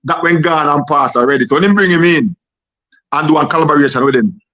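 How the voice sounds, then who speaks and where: A man's voice: a little high, fast talker, bright, forceful tone. A Jamaican man hosting a casual talk discussion, rambling through a history with many repeated words.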